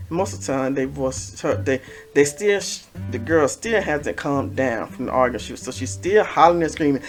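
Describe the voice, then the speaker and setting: A man talking casually to camera, giving repetitive, gently preachy life advice as a vlogger. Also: mid-range voice.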